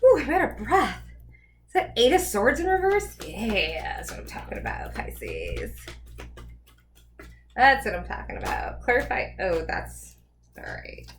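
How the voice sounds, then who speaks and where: A woman's voice: a little high, wildly swooping pitch, a little slow, slight background noise. A woman giving a casual tarot reading, chatty and rambling as she thinks aloud. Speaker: tarot reader.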